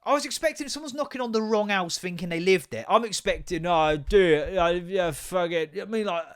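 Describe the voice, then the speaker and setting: A man's voice: high voice, brisk, clean tone. A man hosting a podcast, telling a story in a casual, sweary rant. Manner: animated, sweary, mimics voices in anecdotes. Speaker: podcast host.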